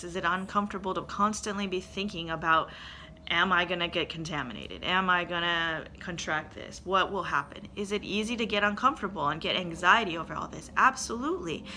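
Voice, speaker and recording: A woman's voice: lowish voice, pushed and bright, slight background noise. A young woman giving an earnest, conversational church devotional, reading scripture and asking rhetorical questions.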